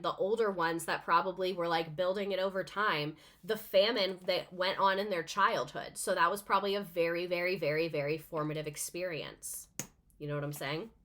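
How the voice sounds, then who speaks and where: A woman's voice: lowish voice, fairly even intonation, brisk, fairly bright tone. A young adult woman, a teacher, reading a text aloud in a casual way and breaking off for chatty, sarcastic comments with plenty of swearing.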